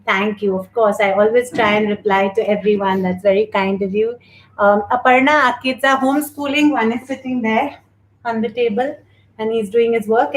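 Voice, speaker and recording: A woman hosting a live online yoga class, calmly guiding breathing exercises, then chatting warmly with viewers. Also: on the high side. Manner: calm, gentle and slow while guiding breathing. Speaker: yoga instructor and host. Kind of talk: guided yoga instruction and live chat. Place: home, indoors. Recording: echoey room with faint noise.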